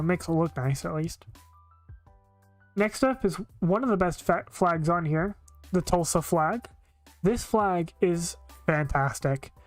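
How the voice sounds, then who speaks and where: A woman's voice: lowish voice, a little mellow. A woman streaming live, giving blunt, opinionated casual commentary with frequent filler words.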